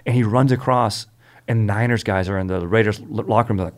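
A man's voice: on the low side, quick pace. A man hosting a podcast, retelling stories in a laid-back, slangy, agreeable way. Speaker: podcast host. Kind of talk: casual chat, retelling stories.

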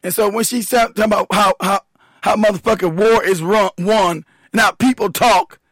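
Heated, high-voiced man ranting. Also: steady tone, normal speed, fairly bright tone, no echo. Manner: heated, profane, laughing often, trailing off while fiddling with his computer. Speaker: show host, military veteran. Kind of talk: profane livestream rant.

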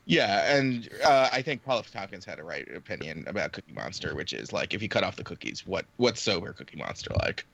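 A man's voice: low-pitched, very animated, brisk, creaky, hardly any pauses, fairly bright tone. A man hosting a podcast in casual chat, rambling with fillers and laughing often. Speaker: podcast host.

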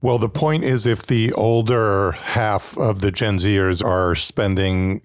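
Brief: male panel analyst, very deep voice, calm and measured, dry close mic. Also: no room sound. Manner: measured, thoughtful, frequent "you know". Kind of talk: analytical discussion.

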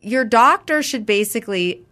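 A woman co-hosting a casual chat, telling a story in an animated way and acting out the voices of the people in it. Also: on the high side, normal speed. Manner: animated, acts out quoted voices. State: mildly congested. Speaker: podcast co-host.

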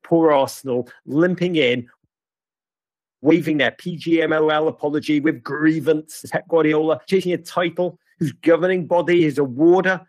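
A man's voice: a little high, darkish tone, no echo. A man hosting a football review show, giving a scripted match-review monologue in a sardonic, theatrical, wry way.

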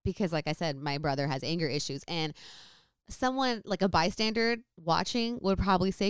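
A young woman casually telling a family story in a rambling, animated way, full of fillers. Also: fairly low pitch, moderate pace, smooth, no echo, clean studio sound.

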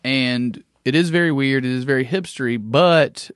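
A young man, trading wry, teasing remarks as a podcast co-host. His voice sits at a middle pitch. The recording is close and dry. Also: normal speed, clear, resonant tone, dry recording. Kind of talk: casual chat.

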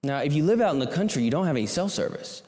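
Guy rambling thru a funny story to a crowd, lots of false starts, kinda high voice, long echo. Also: very animated, rapid-fire, a little mellow. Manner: rambling and self-deprecating, with many restarts. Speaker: speaker. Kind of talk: storytelling to a live audience. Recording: long hall reverb.

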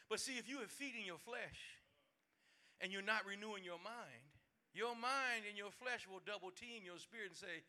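Male pastor, sermon, high-pitched, very bright and forceful, folksy, laughing storytelling. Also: moderate pace. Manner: animated storytelling with laughter and acted-out quotes; folksy, colloquial preaching.

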